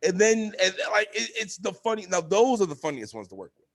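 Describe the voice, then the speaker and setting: Animated man telling stories on a podcast. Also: a little fast. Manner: animated storyteller, acts out quotes in a high voice; swears freely. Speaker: podcast host. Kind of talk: casual chat.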